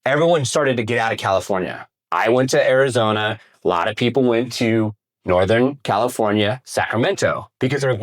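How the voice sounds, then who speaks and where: A man giving a casual, energetic workshop talk on real estate marketing, asking the audience questions and swearing now and then. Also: mid-range voice, fairly quick. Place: room with a live audience.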